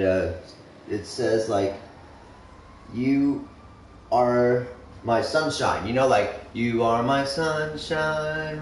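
A man's voice: medium pitch, a little mellow. A young man streaming a game, chatting casually in a rambling, swear-heavy way full of fillers. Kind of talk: casual chat while gaming. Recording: echoey room, mic far off, faint noise.

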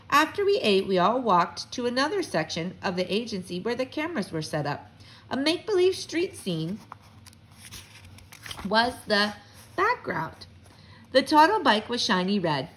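A woman's voice: a little high, poor audio. A woman who teaches fourth grade, reading a children's book aloud to her class from home. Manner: warm teacherly read-aloud, lively. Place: at home, living room.

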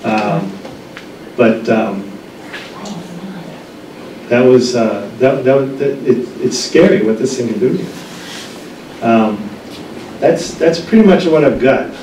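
Chatty middle-aged pharmacist lecturing in echoey room. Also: male voice, mid-range voice, takes it slowly, long pauses, dark tone, a little hiss or hum. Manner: chatty storyteller with frequent restarts and ums. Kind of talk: humorous anecdotal lecture. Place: library meeting room. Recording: echoey room, distant mic.

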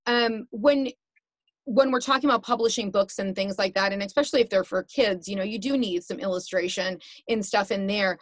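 A woman's voice: medium pitch, fairly quick, dry recording. Chatty woman host, encouraging, dry close sound. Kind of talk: interview host questions.

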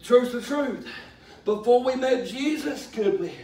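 A middle-aged man preaching a sermon in a folksy way, rising to drawn-out shouts. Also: extremely high pitch, expressive. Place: church sanctuary. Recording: echoey church from far off.

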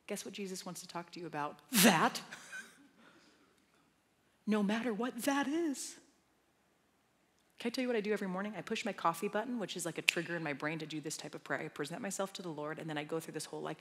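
A woman giving a sermon as a guest speaker, talking conversationally and swelling into loud emphatic passages. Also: low voice, gravelly. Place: large church auditorium. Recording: long hall reverb.

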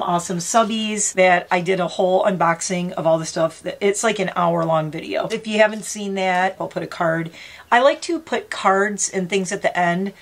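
A woman in her fifties chatting casually as she unboxes gifts on her vlog, gushing and talking to her pet bird. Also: medium pitch. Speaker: vlogger.

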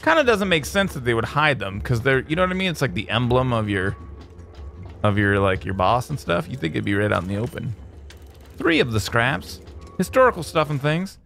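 Excitable man doing gameplay commentary. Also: brisk, creaky, a little hiss or hum. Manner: excitable, jokey, jumps to high exclamations. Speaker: let's play host.

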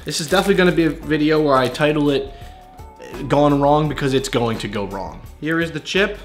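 A man's voice: a little high, a little fast, soft background music. Joking young man vlogging to camera. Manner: joking, rambling, offhand. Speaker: YouTuber host. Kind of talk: casual vlog talk to camera.

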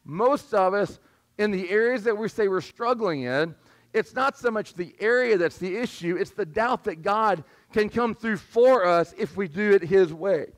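Male pastor, high voice, squeaky and strained, conversational sermon delivery. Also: animated, normal speed. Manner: conversational preaching, asks the congregation for responses. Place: church sanctuary.

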